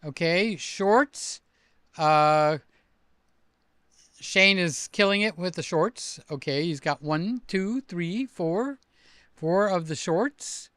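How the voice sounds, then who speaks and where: An older man hosting a casual livestream, chatty and excitable as he reads out comments and gives shout-outs. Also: sits high, slow, dry recording. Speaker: livestream host.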